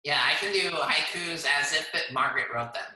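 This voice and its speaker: A man's voice: fairly high pitch, brisk, sharp tone. A man co-hosting a podcast over a video call, chatting casually and laughing easily as he talks. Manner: chatty, laughs often while talking. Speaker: podcast co-host. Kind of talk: casual chat. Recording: roomy video call audio.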